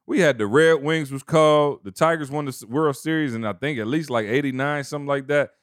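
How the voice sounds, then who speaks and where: A man co-hosting a casual podcast, talking in a relaxed, rambling way with laid-back slang. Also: a little high, a little fast, clear, resonant tone, no echo, clean studio sound. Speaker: podcast co-host.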